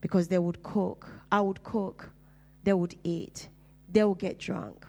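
A woman, a preacher, telling her personal testimony in conversation, earnest and dropping low and soft on painful memories. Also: fairly even intonation, a little slow. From Uganda.

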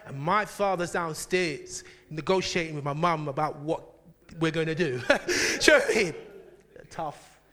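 A man preaching a sermon, telling a personal story with lively laughter and frequent asides to the congregation. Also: a little high, a little slow. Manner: animated, laughing, keeps asking "do you know what I mean".

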